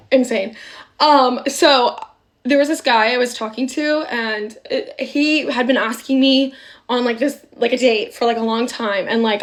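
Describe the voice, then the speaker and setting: A young woman casually telling a dating storytime, chatty and loose with fillers. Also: a little high. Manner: chatty, full of fillers and laughs.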